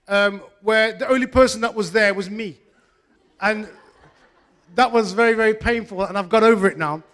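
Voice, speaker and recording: High-voiced man joking with an audience. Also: fairly bright tone. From England. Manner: self-mocking, teasing, comic asides. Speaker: event host. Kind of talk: joking stage banter with the audience. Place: community event venue with a live audience. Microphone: handheld microphone.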